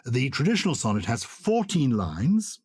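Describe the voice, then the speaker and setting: An older man co-hosting a podcast, explaining poetry with lively enthusiasm and reciting verse with emphatic rhythm. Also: mid-range voice, normal speed, breathy edge, no echo. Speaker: podcast co-host.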